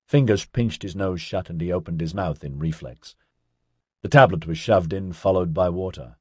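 A man narrating a novel in a steady, wry storytelling manner. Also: low voice, normal speed, slightly rough, no echo, studio quality. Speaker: audiobook narrator. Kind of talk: scripted narration.

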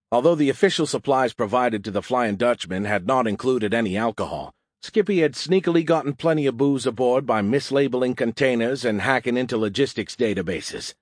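A man's voice: mid-range voice, dry recording. A man narrating a first-person audiobook in a wry, conversational manner, close to a studio mic.

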